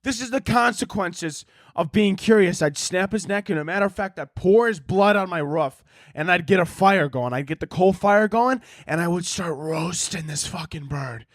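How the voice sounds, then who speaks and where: A man's voice: sits high, normal speed, no room sound, studio quality. A man hosting a podcast, rambling through an absurd, profane comedic rant. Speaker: podcast host.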